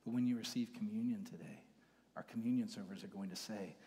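A man with a lowish voice delivers a sermon in an easy, conversational way, sinking into soft whispers to drive a point home. His voice rings out with a long reverb, as in a big church hall. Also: quick pace. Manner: conversational preaching, dropping to hushed whispers for emphasis. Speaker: pastor.

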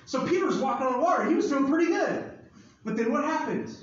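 A high-pitched man preaching a casual, joking sermon, acting out scenes from the story. He sounds far from the mic in a very echoey hall, and the sound is slightly dull. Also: expressive, fast, slight background noise. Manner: joking, conversational, acts out Bible scenes. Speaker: pastor.

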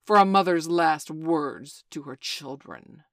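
A woman reading aloud, putting on a menacing pirate captain who roars slow, loud commands. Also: sits low, no echo, clean studio sound. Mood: roaring menace. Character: menacing pirate captain man, roaring and gloating.

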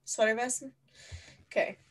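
A woman co-host chatting on a podcast, reacting with quick jokes and questions. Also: a crowd in the background. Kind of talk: casual podcast banter.

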